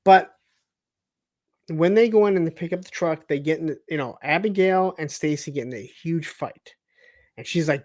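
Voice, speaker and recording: A man from the Detroit suburbs co-hosting a casual TV recap, telling the story in an animated way and acting out the characters' lines. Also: on the high side, moderate pace, no echo. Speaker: podcast co-host.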